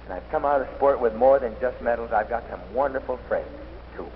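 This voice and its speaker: A man's voice: mid-range voice, brisk. Man telling dramatic stories in an old hall recording. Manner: dramatic storytelling, swinging from loud excitement to hushed intensity. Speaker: athlete giving an inspirational speech. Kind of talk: inspirational speech. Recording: old dull recording in an echoey hall with faint noise.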